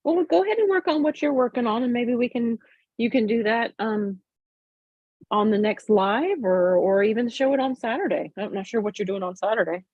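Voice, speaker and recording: A woman's voice: fairly high pitch, moderate pace, breathy edge, no echo, phone-quality sound. A woman hosting a casual sewing livestream, encouraging her guest and chatting with viewers. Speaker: livestream host.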